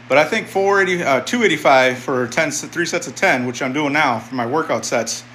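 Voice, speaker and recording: A man's voice: mid-range voice, normal speed, pushed and bright, echoey room, slight background noise, low-quality recording. A man in his fifties livestreaming a casual workout chat from his home basement gym, plainspoken and rambling, repeating himself as he talks. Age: 50s. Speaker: fitness streamer. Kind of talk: casual live-stream chat while lifting.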